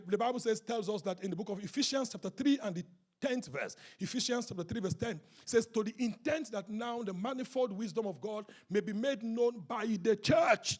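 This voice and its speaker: High husky-voiced man preaching. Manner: rousing call-and-response preaching, often shouting. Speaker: pastor. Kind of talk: sermon. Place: church service.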